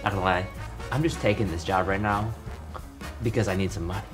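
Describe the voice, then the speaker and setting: A man playing a hammy showman bartender for comedy, swinging from loud hype to mumbled asides, with music behind. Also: sits low, fast talker. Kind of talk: comedic in-character banter. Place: bar set.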